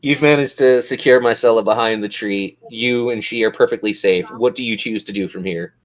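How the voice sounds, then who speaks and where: A man's voice: on the low side, brisk. A man running a tabletop role-playing game as game master, narrating scenes and explaining rules in an easygoing way.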